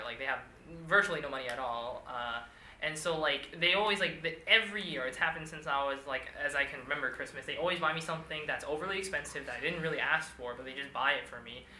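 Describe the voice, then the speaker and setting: A man's voice: a little high, fast talker, pushed and bright. A young man telling a story in casual group chat, rambling with many fillers. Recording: echoey room, faint noise.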